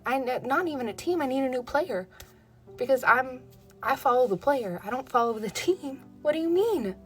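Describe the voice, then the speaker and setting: A woman soccer fan talking casually to camera, piling up exasperated rhetorical questions in a rambling way. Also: medium pitch. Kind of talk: casual vlog talk to camera.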